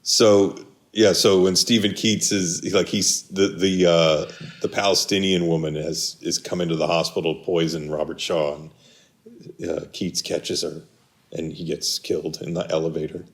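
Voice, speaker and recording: A man with a very low voice talks films on a podcast in a loose, rambling way. He restarts his sentences and trails off while he hunts for a name he can't recall. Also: fairly even intonation, normal speed. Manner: rambling, searches for names, restarts often. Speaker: podcast co-host. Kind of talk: casual film chat.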